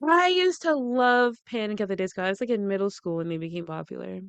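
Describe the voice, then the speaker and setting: Wry woman on a crisp dry mic. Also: mid-range voice, fast, no room sound. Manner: wry, laughing, swears freely. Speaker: podcast co-host. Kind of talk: casual gossip chat.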